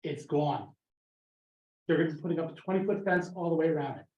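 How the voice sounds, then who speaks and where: A man's voice: a little high, quick pace. A man in his fifties speaking bluntly and scornfully at a town meeting public comment. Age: 50s. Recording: echoey room, dull lo-fi sound.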